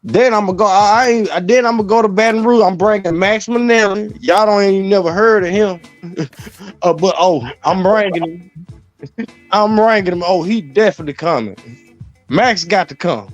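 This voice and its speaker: A man, hosting a casual live-stream panel chat, animated and laughing often as he repeats himself. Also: high voice, normal speed, dull audio, faint music behind. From Louisiana. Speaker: host.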